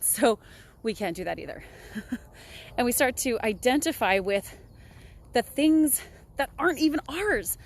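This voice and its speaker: A woman's voice: a little high, lively intonation, normal speed. Chatty upbeat young woman vlogging. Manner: chatty, upbeat, laughs often. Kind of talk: casual motivational vlog.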